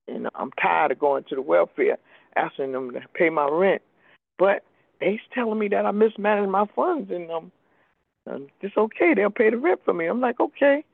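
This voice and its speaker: An older woman gives a personal testimony in a deeply gravelly voice, pressing each point home with emphasis. She comes through a thin, phone-like radio recording, close and dry. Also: no echo. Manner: emphatic storytelling, voices the people she quotes. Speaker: speaker sharing a recovery story.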